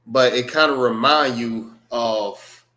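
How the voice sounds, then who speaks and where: A man teaching a class, explaining slowly, repeating words and checking with his listeners. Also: mid-range voice, sharp tone, roomy sound. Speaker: class instructor. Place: indoor classroom.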